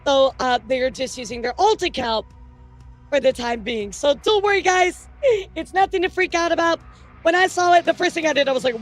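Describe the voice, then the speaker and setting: A woman hosts a casual streamer news show, chatting straight to her audience. Her voice sits high, and she rambles, jokes and trips over her words with plenty of fillers. Faint music plays underneath. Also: a little fast. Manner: rambling, jokey, lots of fillers and restarts. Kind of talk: casual news commentary to chat.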